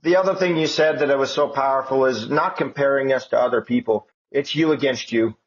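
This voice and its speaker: A man's voice: medium pitch, brisk. A man hosting a podcast, chatting casually and enthusiastically affirming his guest's points. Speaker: podcast host. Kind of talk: casual interview chat. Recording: dull lo-fi audio.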